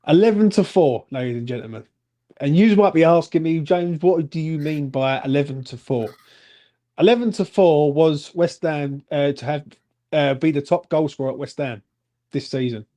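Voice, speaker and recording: A man's voice: a little high, moderate pace, mellow. A man, co-hosting a casual football fan chat and rating players bluntly, with some swearing. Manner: blunt, swears, asks "yeah?".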